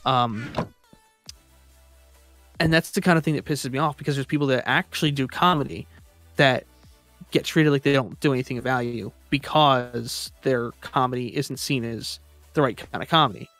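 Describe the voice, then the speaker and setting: A man streams live in casual chat, rambling with many restarts and sounding exasperated. He has a medium-pitched, fairly bright voice at a moderate pace, recorded without echo and with faint music behind him.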